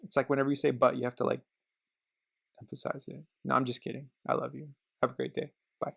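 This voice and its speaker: A middle-aged man vlogging about cars in casual chat, rambling and joking, then turning quiet and reflective. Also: medium pitch, level tone, fast talker, creaky, slightly rough. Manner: rambling, self-interrupting, joking. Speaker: car vlogger.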